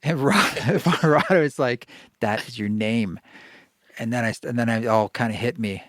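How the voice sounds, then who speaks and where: A man telling a personal story in casual conversation, animated, stammering and restarting often. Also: mid-range voice, normal speed, no room sound, studio quality. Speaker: podcast guest, kirtan musician.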